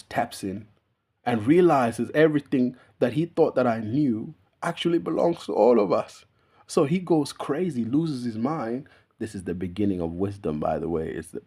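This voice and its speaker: A man's voice: mid-range voice, mellow, breathy edge. A young man talking straight to camera in a loose, meandering monologue, laughing and swearing casually as he goes. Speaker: YouTuber. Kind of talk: unscripted rambling monologue.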